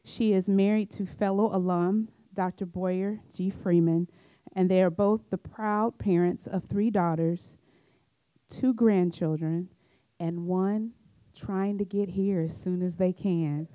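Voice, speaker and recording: A woman hosting an event in a university auditorium gives a warm, formal introduction of the guest speaker. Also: on the low side, fairly even intonation, slow pace, no room sound, rough recording.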